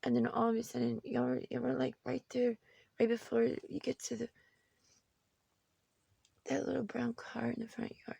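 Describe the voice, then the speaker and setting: A woman recording a personal video message on her phone, short of breath, halting and repeating herself, often dropping to a whisper. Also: a little high, level tone, gravelly, mellow, breathy edge, dry recording. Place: her room at home.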